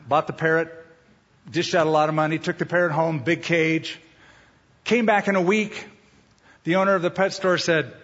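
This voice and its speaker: Husky-voiced male pastor preaching in a hall. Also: a little high, fairly even intonation, a little fast, fairly bright tone. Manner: conversational preaching with humor and repeated tips. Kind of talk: sermon. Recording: dull echoey hall sound.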